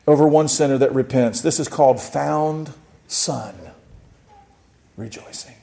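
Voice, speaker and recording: Male pastor, higher pitch, lively sermon delivery with shouted bursts. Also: slow pace, gravelly, long pauses. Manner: animated, shouts and acts out joyful voices.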